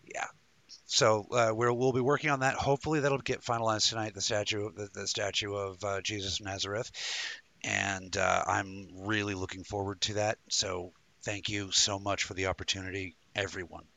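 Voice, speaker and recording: A man's voice: fairly low pitch, flat delivery, normal speed, creaky, bright, forceful tone. A man hosting a live talk show in a rambling, jokey way, full of stumbling restarts. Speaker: host. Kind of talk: casual live-show chat.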